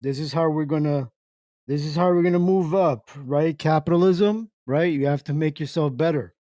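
A man's voice: fairly high pitch, moderate pace, dark tone, no echo. A man hosting an internet radio livestream, jokingly reading chat comments aloud and stumbling through words in playful confusion.

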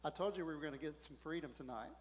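A male pastor preaching a sermon in a conversational, animated way, often asking the congregation questions. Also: fairly high pitch, fast, a little hiss or hum. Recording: long hall reverb.

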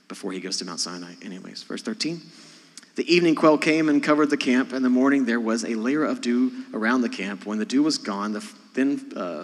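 A man preaching a sermon, talking to his congregation in a conversational way, rising to loud emphasis and dropping to quiet asides. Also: lowish voice. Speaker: pastor. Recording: long hall reverb.

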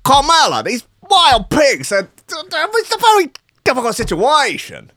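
A man's voice: very high-pitched, wildly swooping pitch, pushed and bright, no echo, clean studio sound, voice pushed up, exaggerated voice. A man hamming up a blustering Italian-American mob boss. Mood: hammy, urgent. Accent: mock Italian-American. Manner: hammy, halting, exaggerated.

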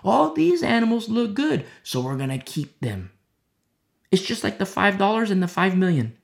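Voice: mid-range voice, very animated, creaky. A Bible teacher giving a verse-by-verse sermon, emphatic, repeating key phrases and dropping to a whisper to stress a point. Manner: acts out the people in the text with quick voice changes.

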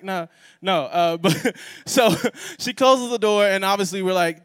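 Animated high-voiced man preaching. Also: normal speed, no room sound, studio quality. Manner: animated storyteller acting out dialogue. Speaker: pastor. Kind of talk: sermon with personal storytelling.

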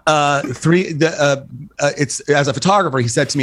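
This sixty-something photographer speaks at a fairly high pitch, unhurried, with long pauses. Chatting as a guest on a relaxed podcast, he spins profane stories with lively energy, voicing the dialogue and laughing at his own punchlines.

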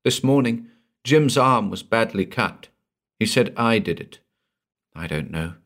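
A man's voice: fairly low pitch, animated, a little slow, a bit bright. A man voicing a frightened young married woman who speaks in a strained, anxious voice.

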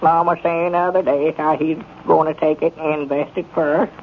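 A man's voice: on the high side, little pitch movement, natural voice. Abner, a man doing a fretful Arkansas storekeeper. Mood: worried. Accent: rural Arkansas. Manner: halting, fretful rustic drawl. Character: worried, simple-hearted country storekeeper, male. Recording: muffled 1930s radio broadcast with faint hiss.

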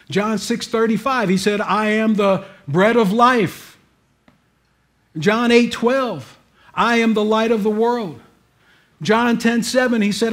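High-voiced man preaching a sermon. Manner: emphatic, swings from loud to hushed, asks congregation for amens.

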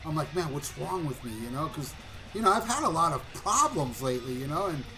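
A man casually telling a long story on a talk show, animated and profane, acting out voices and shouting at the punchlines. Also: on the high side, fairly quick, soft background music. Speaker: podcast co-host.

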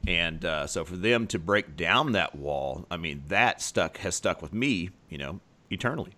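A man with a low voice co-hosts a relaxed podcast conversation. His pitch moves a lot as he reflects, and he laughs readily. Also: normal speed. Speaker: podcast co-host. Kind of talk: casual chat.

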